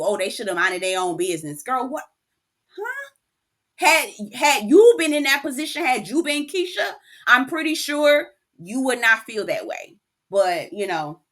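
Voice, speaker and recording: Chatty, expressive woman reviewer. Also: fairly low pitch. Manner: chatty, expressive, keeps calling the viewer "girl"; emotional, near tears at moments. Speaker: reality TV recap reviewer. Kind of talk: casual recap commentary.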